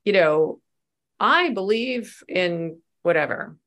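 A woman's voice: mid-range voice, slow pace. A woman guest on a podcast, a spiritual teacher and life coach, telling personal stories in conversation and acting out the voices she quotes. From United States. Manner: animated storyteller, acts out quoted voices.

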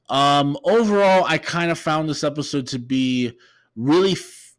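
A man hosting a podcast, recapping an episode in a casual, halting way with many fillers and restarts. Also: mid-range voice. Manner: halting, filler-heavy, meandering. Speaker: podcast host.

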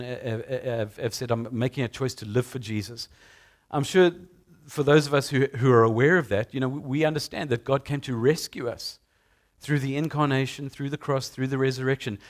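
A male pastor preaching a sermon in a conversational way to his congregation in a church. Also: medium pitch. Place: church sanctuary.

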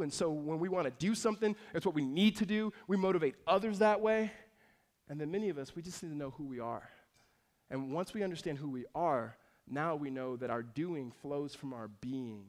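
A man, preaching a conversational sermon that swings between loud emphasis and soft asides. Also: fairly high pitch. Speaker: pastor.

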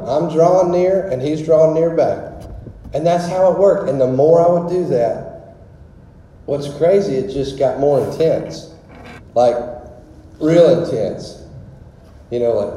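A man's voice: on the high side, moderate pace, mellow, slight background noise. Preacher dude telling his story, super casual, lots of you know, big echoey hall. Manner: casual, rambling, lots of fillers. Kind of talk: sermon testimony. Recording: very echoey hall with long reverb.

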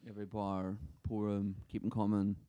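A young man chats easily on a podcast and goes along with his co-host. He speaks in a lowish voice with a flat, even melody. The recording is dry and close. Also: moderate pace, clear, resonant tone, no room sound, muffled recording. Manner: easygoing, agreeable, laughs along. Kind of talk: casual chat.

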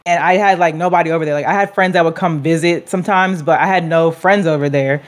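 A woman's voice: sits low, steady tone, fast. A young woman co-hosting a casual chat, rambling with frequent "like" and restarts. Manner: rambling, many fillers and restarts. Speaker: co-host.

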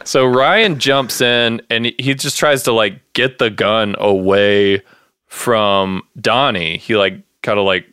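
A man casually recapping a TV episode with a co-host, animated and laughing often as he acts out lines. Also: lowish voice, slow, clean tone, no echo, studio quality. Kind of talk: casual chat.

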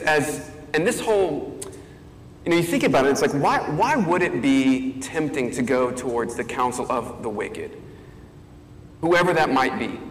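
A man's voice: medium pitch, a little hiss or hum. A male pastor giving a conversational sermon, thinking aloud with fillers and restarts. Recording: echoey hall, faint ambience.

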